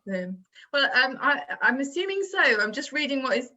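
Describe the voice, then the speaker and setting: A woman's voice: sits high, sing-song, normal speed, pushed and bright. A woman hosting a live video chat, laughing often and prompting her guests with questions. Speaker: host. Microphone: video call. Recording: dull lo-fi audio.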